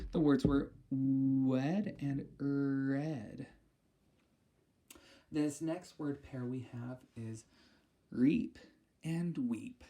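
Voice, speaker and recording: A woman speech therapist leading a listening lesson, enunciating each target word slowly and carefully, with a patient, encouraging tone. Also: very deep voice, dark tone. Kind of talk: auditory discrimination lesson for children.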